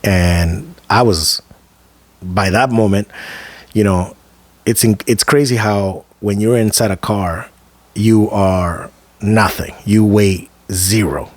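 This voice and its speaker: A man co-hosting a podcast, telling a personal story in a loose, conversational way, with slang asides and dramatic slowdowns at key moments. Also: lowish voice, no room sound. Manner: vivid, emphatic storyteller who slows down for dramatic moments. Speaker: podcast co-host. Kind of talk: casual storytelling chat.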